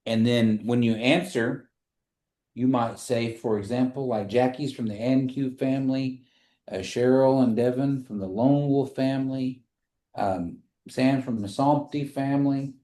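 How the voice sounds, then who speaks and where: A man teaching a classroom language lesson, patiently repeating phrases slowly for his students. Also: medium pitch, fairly even intonation, warm tone. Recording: echoey room.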